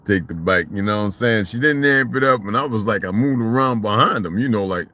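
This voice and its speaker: A man telling a story in a casual vlog monologue, animated and profane, in street slang. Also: fairly low pitch, brisk, hardly any pauses. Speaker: vlogger.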